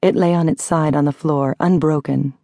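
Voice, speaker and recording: This scripted audiobook narration comes from a woman with a deep voice, reading at a steady, even storytelling pace. The studio sound is clean, with no echo.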